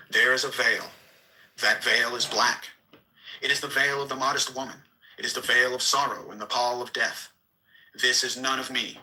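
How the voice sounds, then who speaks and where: Bright-voiced man declaiming archaic scripture. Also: medium pitch, low-quality recording. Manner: solemn, declamatory, slow and measured with sudden bursts. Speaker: reader. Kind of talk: dramatic reading of an archaic scripture.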